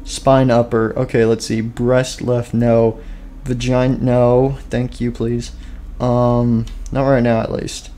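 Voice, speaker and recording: A man's voice: medium pitch, level tone, takes it slowly, dark tone, slight background noise. A man giving casual gameplay commentary at his computer, rambling with many fillers and sounding tired and out of breath. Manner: rambling, filler-heavy, self-deprecating. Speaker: gaming YouTuber.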